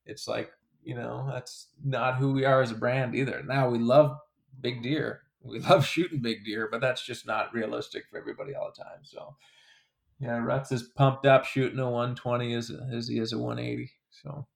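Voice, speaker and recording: Man, interview guest, gravelly voice, rambling casual talk, many restarts. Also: medium pitch, fairly even intonation, moderate pace. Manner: rambling, with frequent restarts and fillers. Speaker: interview guest, creator of a comedy hunting character.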